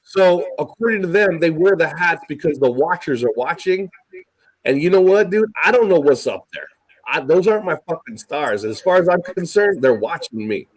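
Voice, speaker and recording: A man's voice: a little high, animated, normal speed, low-quality recording. A man hosting a casual talk show, reading scripture aloud with stumbles and swearing sarcastically. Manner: profane, sarcastic, stumbling rereads. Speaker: podcast host.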